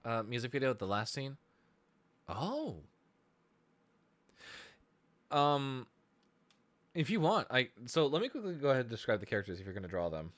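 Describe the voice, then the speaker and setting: A man's voice: medium pitch, big pitch swings, normal speed, long pauses, a bit bright, no echo. A man chatting casually on a live stream, rambling and self-deprecating as he thinks aloud, tired from lack of sleep. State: sleep deprived. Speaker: streamer and musician.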